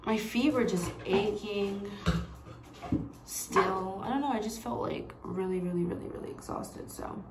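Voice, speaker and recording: A woman's voice: mid-range voice, a little slow, noisy background. Chatty woman vlogging in an echoey room. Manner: rambling, chatty, heavy use of "like". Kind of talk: casual vlog chat. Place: home bedroom.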